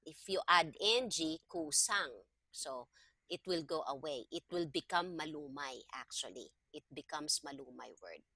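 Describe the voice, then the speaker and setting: A woman's voice: sits low, lively intonation, normal speed, bright, forceful tone, no echo. A woman teaching a Tagalog lesson one-on-one, explaining patiently and step by step. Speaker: Tagalog tutor.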